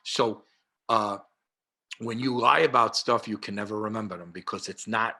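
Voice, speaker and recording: A man's voice: fairly low pitch, normal speed. A man in his sixties with a New York accent, a guest telling rambling anecdotes full of fillers over a video call. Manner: rambling, many fillers and restarts, animated anecdotes. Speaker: martial arts historian guest. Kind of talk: casual storytelling interview.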